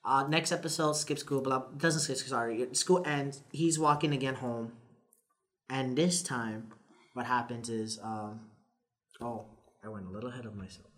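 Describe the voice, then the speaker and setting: A man's voice: mid-range voice, moderate pace. Man animatedly recapping an anime. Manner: animated retelling, acting out quotes. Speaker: podcast co-host. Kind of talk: casual anime recap chat.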